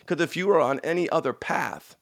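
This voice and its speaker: A man coaching an audience in a motivational talk, emphatic and repetitive, swinging from loud bursts to hushed lines, with frank, salty language. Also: a little high, lively intonation, a little fast, creaky, dry recording, clean studio sound. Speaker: addiction recovery coach.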